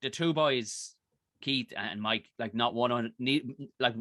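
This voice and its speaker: Animated Irish man telling a story. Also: mid-range voice, slow, no echo, studio quality. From Ireland. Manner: rambling, animated, swears freely. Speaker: podcast guest, comedian. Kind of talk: casual comic storytelling.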